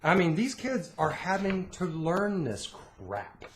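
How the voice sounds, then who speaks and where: A man's voice: high voice, slow pace, slight background noise. A middle-aged man co-hosting a casual chat, telling stories and acting out what people said. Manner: animated storyteller, acts out quotes. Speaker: podcast co-host.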